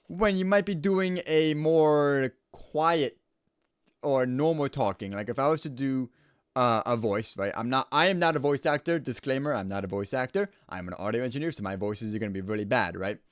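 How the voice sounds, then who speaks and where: A man's voice: mid-range voice, expressive, normal speed, no room sound. A man who works as an audio engineer explaining home studio recording in a casual, explanatory way, close to a studio microphone. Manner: casual and explanatory, stresses points by repeating them. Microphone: studio microphone at close range.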